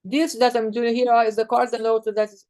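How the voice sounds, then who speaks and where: A woman's voice: on the high side, level tone, darkish tone. A woman teaching a rhythm lesson who chants counts and syllables patiently, and who is losing her voice. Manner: slow, patient, repetitive counting aloud. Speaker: music teacher.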